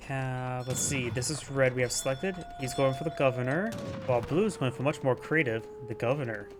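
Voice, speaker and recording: A man's voice: medium pitch, fairly quick, over music. A man giving casual, chatty play-by-play commentary on a strategy game match. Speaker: game caster.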